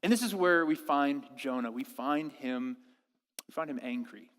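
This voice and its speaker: A man's voice: medium pitch, lively intonation, moderate pace, fairly bright tone. A man in his thirties preaching a sermon to his congregation, conversational and playful, often restarting his sentences. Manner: conversational, self-interrupting, playful asides. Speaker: pastor. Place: church service in a school auditorium. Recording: long reverb of a church hall.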